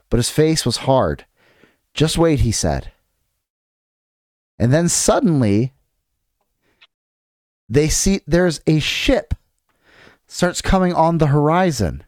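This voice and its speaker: A man's voice: on the high side, a little mellow, dry recording, clean studio sound. A man co-hosting a podcast, casually recapping a novel with lots of restarts and fillers while reading passages aloud. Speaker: podcast co-host. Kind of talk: casual chat recapping a book.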